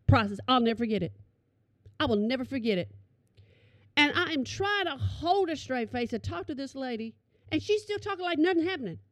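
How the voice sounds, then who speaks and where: Middle-aged woman, comic storytelling, lively, fairly high voice, dry close sound. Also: no echo. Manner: animated, addresses listeners as y'all.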